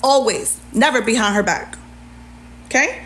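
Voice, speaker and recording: A woman's voice: a little high, a little slow. Sassy woman venting on a livestream. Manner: sassy, animated, talks back to her chat. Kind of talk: venting on a live stream.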